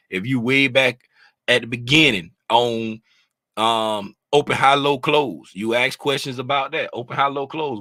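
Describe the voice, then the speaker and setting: A man's voice: mid-range voice, a bit bright, no echo. A man hosting a casual livestream as a trading mentor, explaining things in a laid-back, rambling way with lots of "you know what I'm saying.".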